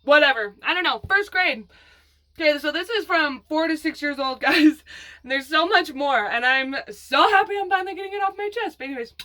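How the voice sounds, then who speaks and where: A woman's voice: high voice, animated, a little fast, pushed and bright. A woman vlogger telling a personal story in a casual, dramatic, rambling way, swearing freely and laughing as she goes.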